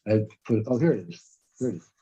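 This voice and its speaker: A man's voice: lowish voice, lively intonation, fast, warm tone, breathy edge, muffled recording. A man in his eighties, from the United States, giving an emphatic, rambling talk over a video call. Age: 80s. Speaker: senior devotee speaker. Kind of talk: informal talk in a meeting.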